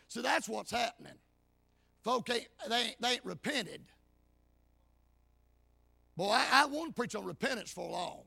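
A man preaching a hollering revival sermon in church, shouting and punctuating every line with amen and hey. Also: very high voice, lively intonation, a little slow, gravelly, long pauses, breathy edge, no room sound.

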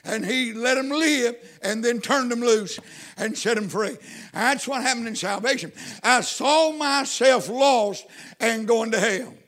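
A man preaching a personal testimony sermon, folksy and repetitive, rising into fervent shouts and whoops. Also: very high-pitched, a little slow.

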